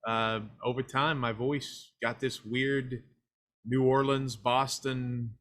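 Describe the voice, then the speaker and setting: A man with an East Tennessee twang talks in a bright, forward voice, rambling through folksy stories as a guest on a casual podcast. His pitch sits in a middle range for a man. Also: little pitch movement, takes it slowly. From United States. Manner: folksy storyteller, slips into a hyped funky DJ persona. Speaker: guest, filmmaker and pro wrestler.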